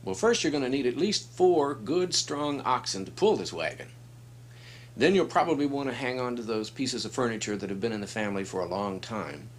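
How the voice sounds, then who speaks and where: A man's voice: medium pitch, lively intonation, fairly quick, slight background noise. A man giving a friendly, explanatory introduction to a children's book. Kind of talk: casual spoken introduction.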